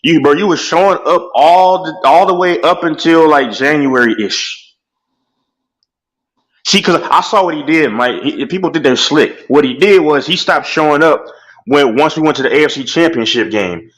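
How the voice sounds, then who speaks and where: Animated man venting about sports. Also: fairly high pitch, moderate pace, low-quality recording. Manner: animated, repeats "bro" often. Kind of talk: heated casual sports chat.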